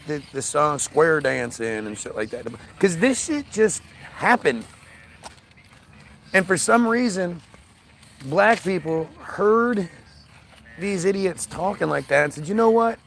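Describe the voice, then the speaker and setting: A man holds forth in an unscripted rant, his slightly high voice roughened by a gravelly edge. He swears often and keeps tripping over his words, restarting sentences mid-thought. A faint background hiss runs beneath the talk. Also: big pitch swings, measured pace, long pauses, a bit bright. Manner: profane, emphatic, with frequent restarts and stammers. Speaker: podcast host. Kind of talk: casual ranting monologue.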